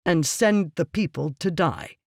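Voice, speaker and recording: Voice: medium pitch, measured pace, no echo, clean studio sound. An audiobook reader voicing a ruthless, scheming merchant man who talks down to others in a curt, lecturing way. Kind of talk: audiobook character reading.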